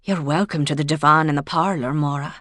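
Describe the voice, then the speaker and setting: A kindly older village landlady, as a woman narrator puts her on, fussing and motherly, always a little anxious. The voice stays low and dry. It is a storybook scene read aloud. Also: steady tone, a little fast, fairly bright tone, no room sound.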